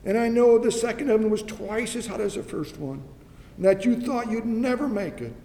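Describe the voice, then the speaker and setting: A patient, knowing master potter speaks in a measured, reassuring way, as a preacher takes on the part. His tone is mellow and gravelly. The voice echoes through a large hall. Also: high voice, voice pushed up. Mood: gentle. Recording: echoey hall with faint noise.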